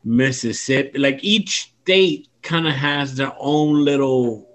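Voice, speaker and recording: A man's voice: medium pitch, slow, a bit bright. A man from Florida chatting on a podcast, joking and asking stumbling questions. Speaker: podcast co-host. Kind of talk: casual chat.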